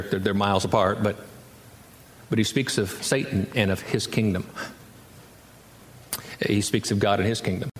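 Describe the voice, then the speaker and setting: A male pastor preaching a sermon, emphatic and repetitive, with wide swings between low and high delivery. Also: slight background noise. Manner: emphatic, repeats words for effect, wide swings in pitch. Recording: echoey hall, faint ambience.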